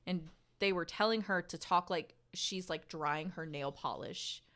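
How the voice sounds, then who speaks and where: Brief: young woman guest, chatty and animated, bright voice, lowish pitch. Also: unhurried. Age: young adult. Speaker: podcast guest. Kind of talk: casual podcast chat.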